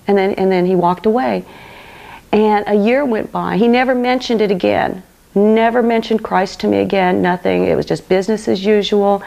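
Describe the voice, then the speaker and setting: A woman giving an earnest personal testimony, halting and repeating phrases as she speaks. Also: mid-range voice, fairly even intonation, vocal fry, warm tone.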